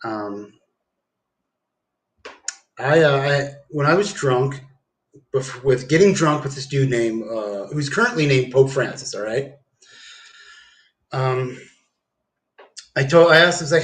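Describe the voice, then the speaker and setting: A man's voice: medium pitch, slow pace, long pauses. Rambling, swearing man on a livestream. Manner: rambling, profane, meandering with fillers. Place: at home.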